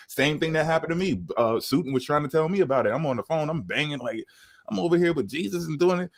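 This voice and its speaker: A man's voice: a little high, fast, gravelly. A man co-hosting a casual chat, telling stories and acting out what others said. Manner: lively, acts out what others said. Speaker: podcast co-host.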